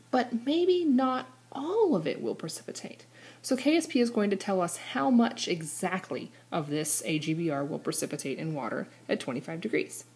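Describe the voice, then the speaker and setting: A woman teacher explaining a chemistry problem step by step, slowing down to spell out equations and numbers. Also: medium pitch. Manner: steady step-by-step explaining, slows down to read out equations. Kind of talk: recorded classroom lesson.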